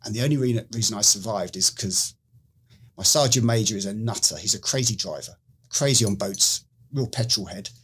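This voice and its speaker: Husky British man telling a story. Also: lowish voice, brisk. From United Kingdom. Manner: animated storyteller who acts out quoted lines. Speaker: guest, former special forces medic. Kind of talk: casual storytelling interview.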